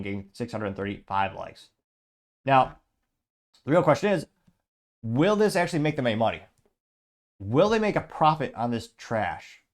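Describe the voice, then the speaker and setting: A man's voice: medium pitch, expressive, moderate pace, long pauses, a little mellow. A man hosting a show in casual commentary, reading viewer comments aloud with sarcastic asides and frequent laughs. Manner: sarcastic, laughs often, restarts. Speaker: host.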